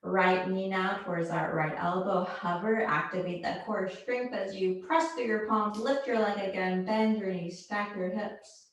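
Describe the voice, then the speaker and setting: A woman instructor guiding a yoga class, calmly calling out poses and breaths. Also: medium pitch. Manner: slow, calm cueing of poses and breath. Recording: very echoey room.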